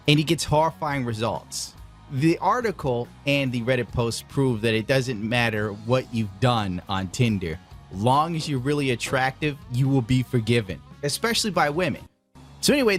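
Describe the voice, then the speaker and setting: A man giving casual online commentary in a sardonic, amused tone. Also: medium pitch.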